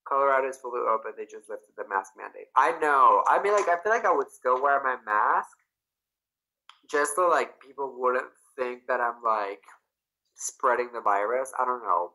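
A man's voice: mid-range voice, moderate pace, sharp tone, poor audio. A young man from Canada hosting a casual livestream, reading viewers' comments aloud and chatting with them in a bubbly, effusive way. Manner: bubbly and effusive, bursts into squeals. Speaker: livestream host.

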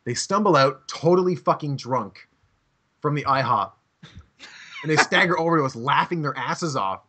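A man's voice: a little high, animated, normal speed, pushed and bright, slight background noise. A man hosting a comedy podcast, telling a rambling, profane story and laughing often. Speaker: podcast host.

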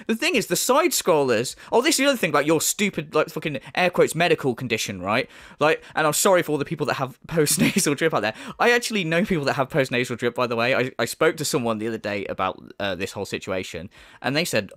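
A man rants in angry commentary, swearing and mocking in a high, swooping voice. The sound is close and dry. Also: big pitch swings, brisk, fairly bright tone, no echo. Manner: heated, profane, sarcastic ranting. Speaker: YouTube commentator.

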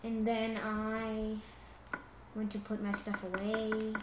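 Chatty woman narrating her game slowly. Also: on the high side, noisy background. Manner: chatty and excitable, corrects herself often. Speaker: gameplay commentator. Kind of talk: rambling casual gameplay commentary. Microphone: phone. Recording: roomy echo with music behind.

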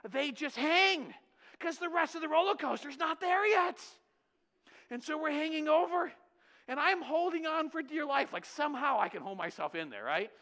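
High-voiced, animated male pastor preaching. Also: moderate pace. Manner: animated storytelling, rhetorical questions. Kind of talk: sermon. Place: church.

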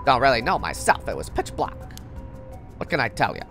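Tough teen delinquent girl played by a woman, low drawl, dismissive, swears. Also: big pitch swings, fairly quick, fairly bright tone, faint music behind, heavily acted. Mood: gruff.

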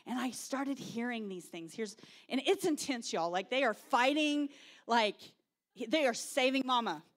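A woman pastor, preaching a sermon with animated storytelling and shouted quotes. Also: fairly high pitch, measured pace.

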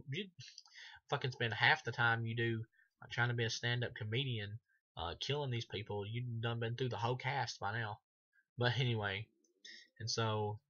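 A man's voice: on the low side, bright, forceful tone, dull audio. A man giving a casual, rambling film review, full of fillers and swearing. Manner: rambling, heavy filler words, frequent swearing.

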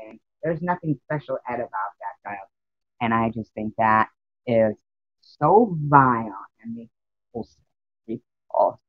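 A woman's voice: a bass voice, no echo, narrow, tinny audio. A woman chatting casually on a live stream, rambling and emotional as she greets her viewers by name.

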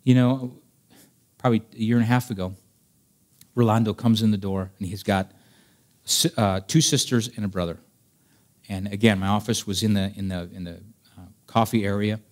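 A man preaching a sermon as a pastor, earnest, swinging between emphatic raised passages and quiet storytelling. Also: lowish voice, steady tone, normal speed, long pauses. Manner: earnest preaching, rising to emphatic peaks, dropping soft for stories.

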